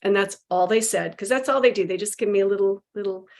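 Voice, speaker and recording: A woman guest telling a spiritual story with animated emotion, acting out quotes and laughing. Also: mid-range voice, fast.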